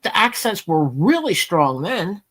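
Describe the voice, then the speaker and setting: A chatty woman with a strong New Jersey accent. Her voice sits fairly low but swings widely in pitch as she talks bluntly and tells stories on a live panel. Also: sing-song, measured pace, slightly rough. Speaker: panel host. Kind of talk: casual chat on a live panel.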